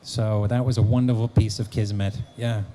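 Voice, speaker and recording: A middle-aged man telling an animated anecdote as a guest at a fan press conference. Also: fairly low pitch, normal speed, a little hiss or hum. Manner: animated storyteller, slips into voices for the people he quotes. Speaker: actor and author guest.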